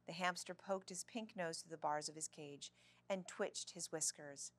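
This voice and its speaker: A woman reading a children's novel aloud in an expressive storybook way. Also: low-pitched, normal speed.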